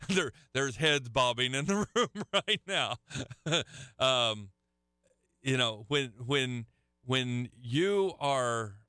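Bright, crisp-voiced man preaching. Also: mid-range voice, no echo, studio quality. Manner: folksy storytelling with frequent restarts. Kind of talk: sermon. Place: church hall with a live audience.

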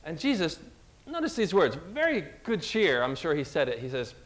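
Earnest higher-voiced man preaching a sermon. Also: huge pitch swings, normal speed, a bit bright. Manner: earnest, emotional, retelling scripture with acted quotes.

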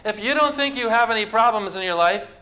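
A man's voice: high voice, animated, a little fast, pushed and bright. A man preaching a sermon to a congregation, talking conversationally and asking the people questions. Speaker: pastor. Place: church with a congregation.

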